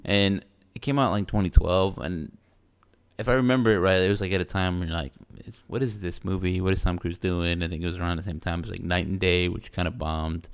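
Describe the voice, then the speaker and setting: A man, talking casually as a podcast co-host. His voice sits very low and has a gravelly texture. He rambles loosely and mocks himself along the way. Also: fairly even intonation, brisk. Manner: rambling, loose and self-mocking, with playful put-on quotes. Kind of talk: casual chat.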